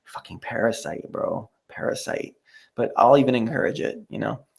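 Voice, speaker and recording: A man's voice: mid-range voice, moderate pace, gravelly. A man hosting a live stream, reading out chat messages and signing off in a rambling, profane way with many fillers.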